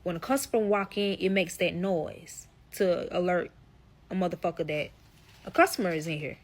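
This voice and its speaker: A woman's voice: on the low side, fairly even intonation, normal speed. A young woman telling a personal story to her viewers in a casual vlog, blunt, profane and emphatic, talking straight to the audience.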